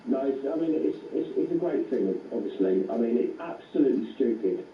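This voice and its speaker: A man's voice: mid-range voice, animated, a little fast, roomy sound, far from the mic, lo-fi sound, a little hiss or hum. A man on a sports radio show, talking in a blunt, teasing way as a pundit. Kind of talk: casual radio chat.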